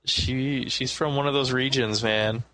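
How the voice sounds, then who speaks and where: A man's voice: medium pitch, fairly even intonation, unhurried, sharp tone. A man co-hosting a casual podcast chat, joking and acting out film scenes in silly voices. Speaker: podcast co-host.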